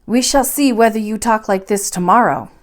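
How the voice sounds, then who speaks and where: A woman's voice: medium pitch, moderate pace, lightly acted. A woman voicing a timid, anxious young man who falters when he is worried. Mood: uneasy.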